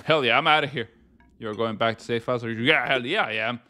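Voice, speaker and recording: A man giving jokey let's-play commentary on a horror game, talking to himself and breaking into panicked yelling. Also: mid-range voice, fairly quick. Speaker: gaming YouTuber.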